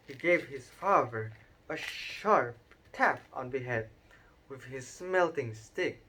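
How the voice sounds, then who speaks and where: Male audiobook narrator, slow, animated pitch, storybook read-aloud. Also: husky. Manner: unhurried, expressive, occasional stumbles.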